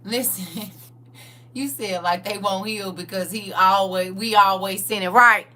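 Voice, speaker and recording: A woman who is a mother and host of a live show, telling funny stories and testimony in an animated, dramatic way, and laughing often. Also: medium pitch, unhurried, distant mic, rough recording. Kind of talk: comedic storytelling testimony.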